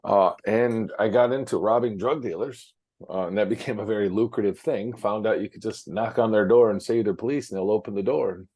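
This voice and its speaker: A man's voice: on the low side, fairly quick, dark tone, slightly rough. A man talking frankly as an interview guest, with many fillers and restarts, from his office. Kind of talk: casual interview storytelling.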